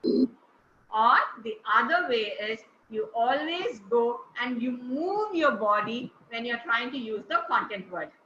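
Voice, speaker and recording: Bright-voiced woman teaching a class. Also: a little high, expressive, slow pace, slight background noise. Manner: explains step by step, asks the group questions. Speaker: speaking coach. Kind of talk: classroom lesson on word stress. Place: club meeting room. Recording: echoey room, dull lo-fi sound.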